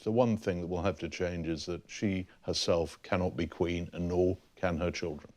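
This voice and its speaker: A man's voice: sits low, unhurried, darkish tone, no room sound. A man explaining archive documents in an interview, emphatic and reading passages aloud. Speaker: historian explaining archive papers.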